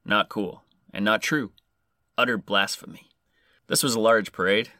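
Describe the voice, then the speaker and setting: A man's voice: fairly low pitch, a little slow, pushed and bright, no echo, clean studio sound. A man hosting a podcast, reading a scripted story with crude, sarcastic jokes. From Canada. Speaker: podcast host.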